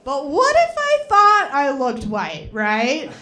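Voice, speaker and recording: A young woman doing stand-up, rambling and chatty and packed with fillers. Her voice sits a bit high and bounces around a lot, as if she is riffing live. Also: wildly swooping pitch, slow pace, sharp tone. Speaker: stand-up comedian. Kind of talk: stand-up comedy set.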